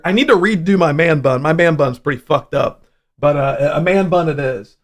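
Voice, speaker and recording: A young man hosting a casual livestream, telling a profane, animated story about his hangover. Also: fairly high pitch, normal speed. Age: young adult. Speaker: livestream host.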